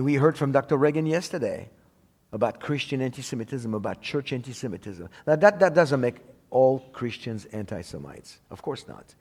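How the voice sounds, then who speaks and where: A man's voice: medium pitch, darkish tone. A middle-aged man giving an emphatic sermon in a church, quoting scripture and often repeating words as he restarts. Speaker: preacher teaching a church audience. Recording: hall with long reverb.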